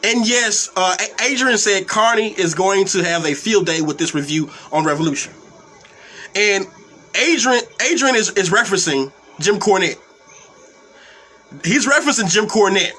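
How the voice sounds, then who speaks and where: A young man with a high, bright, forceful voice rants heatedly about wrestling, cursing freely and tripping over repeated words. Faint room ambience sits behind him. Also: lively intonation, normal speed, a little hiss or hum. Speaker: wrestling commentary host. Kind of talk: profane live-stream rant.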